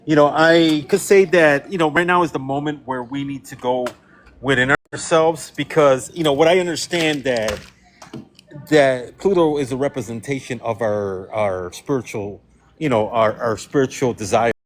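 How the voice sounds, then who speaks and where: A man on a video call answers as a panelist, talking haltingly and leaning on fillers between thoughts. His voice sits at an ordinary middle pitch. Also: a little hiss or hum. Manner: halting, full of "you know" fillers. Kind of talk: casual panel talk.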